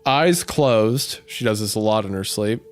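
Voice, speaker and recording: A man hosts a casual podcast, chatting with lots of fillers and restarts and laughing often as he reads a spooky story aloud. His fairly low voice is expressive and unhurried, with soft music playing in the background.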